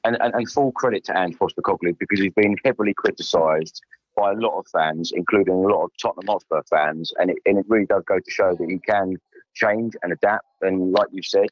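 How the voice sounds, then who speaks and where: Croaky, elated male football fan. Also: deep voice, fairly even intonation, fairly quick, dry recording, highs cut off. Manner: enthusiastic, emphatic. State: croaky voice, no sleep. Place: airport.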